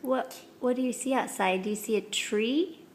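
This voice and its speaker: A woman at home gently coaxing a toddler to say words, asking playful questions. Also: on the high side, moderate pace, slight background noise. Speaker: parent coaching a toddler's words. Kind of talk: home video talk to a toddler.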